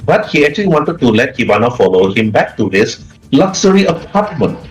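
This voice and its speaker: A man narrating as game master of an online tabletop game, his voice pitched in a middle range. He describes each scene casually, restating and restarting as he goes. Faint music plays under the call. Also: very animated, brisk, rough recording.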